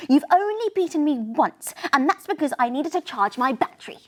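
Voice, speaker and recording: A woman voicing Luxie, a proud, bubbly young girl electric car, with a high, excited delivery. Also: moderate pace.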